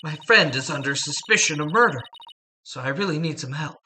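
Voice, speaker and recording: A woman's voice: low-pitched, animated, a little fast, bright, forceful tone, a little hiss or hum, pitched below the performer's own voice. A woman voicing a cheerful young female aquarium performer who makes fish puns and begs for help. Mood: pleading. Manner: pleading, pun-loving.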